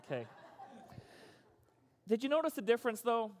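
A man's voice: very high voice, big pitch swings, normal speed. A male pastor giving an interactive sermon, emphatic and repetitive, coaxing his audience to respond. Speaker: pastor leading a recovery group. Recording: echoey hall.

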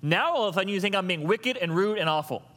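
A man's voice: high voice, animated, quick pace, a bit bright. A man voicing a generous, indignant male vineyard owner in a sermon retelling, firing emphatic rhetorical questions. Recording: long reverb of a large hall.

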